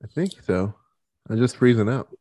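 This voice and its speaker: A man in his thirties co-hosting a podcast in casual chat, chatty and quick to laugh, often acting out quotes. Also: mid-range voice, expressive, mellow. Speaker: podcast co-host.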